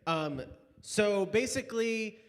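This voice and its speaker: A man's voice: sits high, takes it slowly, big-room sound. A man who is a student pastor, telling funny stories in playful banter on a church live stream. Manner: playful storyteller.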